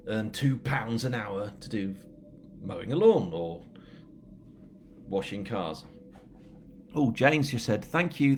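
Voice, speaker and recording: A man's voice: lowish voice, a little hiss or hum. A man with a northern English accent, an author chatting casually and telling a story at a live book launch, rambling with self-mocking asides. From England.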